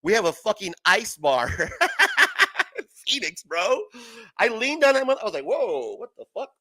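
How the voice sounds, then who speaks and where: A young man hosting a livestream, his voice high and bright, swinging widely in pitch. He rambles through profane stories and laughs often, recorded close and dry. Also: big pitch swings, takes it slowly, no room sound. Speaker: livestream host. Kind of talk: casual livestream chat.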